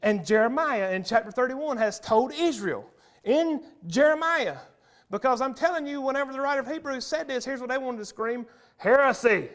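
A man preaching a sermon as pastor in a church, emphatic and punchy, repeating key phrases and swinging between loud and soft. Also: very high-pitched, animated, brisk. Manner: emphatic, punchy repetition, wide swings in loudness. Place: church sanctuary.

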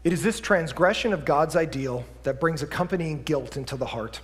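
A man preaching a sermon as pastor, lively and conversational, swinging between quiet asides and loud emphatic bursts. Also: on the high side, fairly quick, long reverb tail. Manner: animated preaching, drops to a quiet voice for acted asides then climbs loud. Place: church sanctuary.

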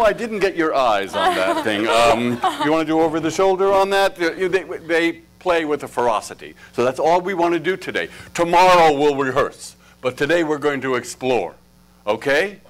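A man's voice: a little high, fairly bright tone. A middle-aged man coaching actors at a live workshop, joking, laughing and firing off asides. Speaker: acting teacher. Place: workshop stage before audience.

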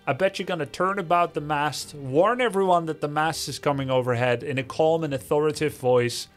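A man streaming live, reading viewer messages aloud with a sarcastic, mocking, theatrical manner, faint music behind him. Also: mid-range voice. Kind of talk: livestream reading chat messages.

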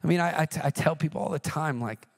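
Male preacher, middle-aged, high-pitched, animated storyteller in a sermon. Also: quick pace, creaky. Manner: animated storytelling, jumps into shouted quoted cries.

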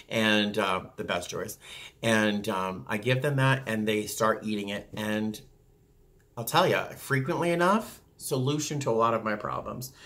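A man who works as a flight attendant, chatting casually and acting out passengers with sudden jumps in pitch. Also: pushed and bright. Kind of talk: casual talk to camera.

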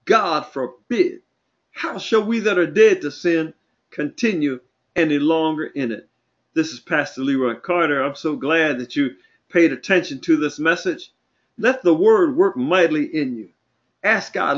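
A man preaching an online sermon as pastor, fervent and rising to loud cries. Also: a little high, moderate pace, muffled recording.

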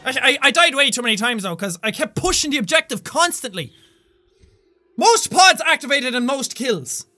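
High, bright-voiced excitable gamer man. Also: normal speed, faint music behind. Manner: excitable, swears a lot, yells at enemies. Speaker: gaming channel host. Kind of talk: gameplay commentary.

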